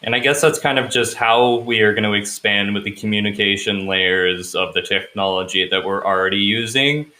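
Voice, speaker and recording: Man, low-ish pitch, very bright sharp tone, measured podcast panelist. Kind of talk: casual podcast discussion.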